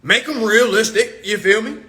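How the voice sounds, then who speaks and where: High-pitched man ranting with profanity. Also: moderate pace, sharp tone. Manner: profane, preachy, emphatic, repeats lines. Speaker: social media live host. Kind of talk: unscripted livestream rant. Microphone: phone livestream.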